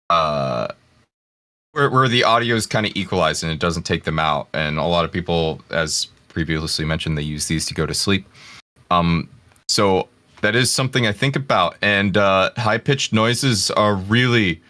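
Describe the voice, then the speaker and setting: Man, very deep voice, forceful tone, halting, restarts, casual podcast answer. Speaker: ASMR voice actor.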